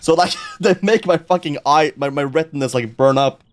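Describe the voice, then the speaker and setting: A young man streaming a game in excitable, stammering casual commentary, with frequent swearing and repeated words. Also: fairly high pitch, moderate pace, no echo.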